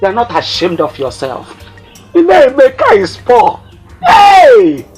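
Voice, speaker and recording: A woman's voice: on the high side, very animated, slightly rough, faint music behind, exaggerated voice. A woman with a Nigerian Igbo accent, playing a middle-aged mother who mocks and scolds her daughter. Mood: scolding. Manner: mocking, scolding, drawn-out emphasis. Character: scornful greedy mother berating her daughter. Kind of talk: film acting.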